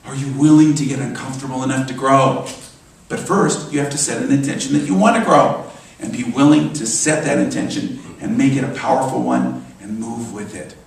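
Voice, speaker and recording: A man delivering a sermon as a minister, animated and emphatic, often repeating his phrases. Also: mid-range voice, a little fast, creaky. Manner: animated, emphatic preaching with repetitions. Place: church sanctuary. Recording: echoey church hall from far off.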